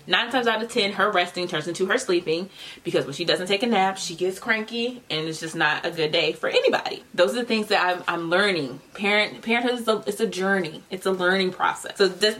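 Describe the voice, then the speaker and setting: A woman in her thirties with a slightly low voice, talking through a casual solo podcast. She speaks candidly and conversationally and stacks her points in short lists. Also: bright, forceful tone. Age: 30s. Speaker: podcast host.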